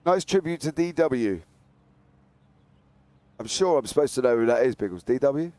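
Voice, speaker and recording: A man's voice: mid-range voice, normal speed, no room sound. A man commentating on a live esports race, chatty and joking with his co-host, with calls that build as the cars go by. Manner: chatty, jokey, climbs to excited shouts at race starts. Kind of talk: live sim racing commentary.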